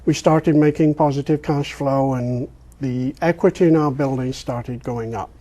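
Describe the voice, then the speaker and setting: An older Englishman whose accent still rolls its R's, answering an interviewer's questions. He drifts into stories and fills the gaps with ums and uhs. His pitch sits at a plain middle level for a man. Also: normal speed, warm tone. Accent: English, pronouncing his R's. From England. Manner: rambling storyteller with many ums. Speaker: guest, real estate investor.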